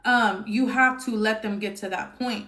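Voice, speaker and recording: Giving an informal tarot reading, a woman speaks bluntly and curses often, leaning on fillers like "um" and tag questions like "okay?" Her fairly high, sharp voice stays steady at a moderate pace, in an echoey room with a little background noise.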